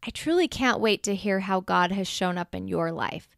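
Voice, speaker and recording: A woman's voice: medium pitch, expressive, normal speed, gravelly, smooth, no echo, clean studio sound. A woman hosting a faith podcast, talking in a gushing, tender way that edges into emotion. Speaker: podcast host. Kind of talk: faith podcast outro and interview.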